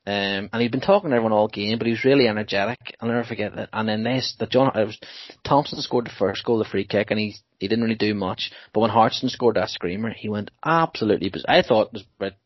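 A young man telling football stories in a casual podcast chat, animated and laughing often. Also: fairly low pitch, fast talker, hardly any pauses, dry recording. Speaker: podcast co-host. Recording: dull dry podcast mic.

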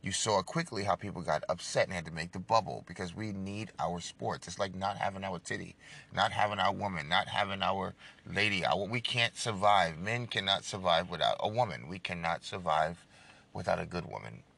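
A man hosting his own show, delivering an impassioned sports rant that swings between loud outbursts and hushed asides. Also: low-pitched, gravelly. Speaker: show host. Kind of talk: ranting sports monologue.

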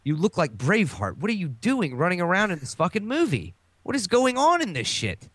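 A middle-aged man talking in a casual podcast, cursing freely and laughing through his rants. His voice swings up and down with a slightly high pitch, recorded close and dry. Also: fairly quick, dry recording. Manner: animated, profane, laughing rants. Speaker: podcast co-host.

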